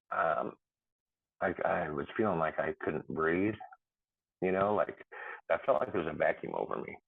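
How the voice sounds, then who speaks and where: A middle-aged man, a podcast guest, telling his near-death story in a rambling way, with many fillers and restarts and laughs between lines. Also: low voice. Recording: tinny phone-like line.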